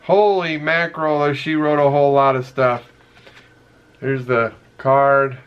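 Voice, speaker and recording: A middle-aged man casually chatting as he opens fan mail, earnest and emotional, halting with many fillers and reading letters aloud slowly. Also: mid-range voice, fairly even intonation, smooth, lo-fi sound. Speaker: vlogger opening fan mail. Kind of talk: casual chat.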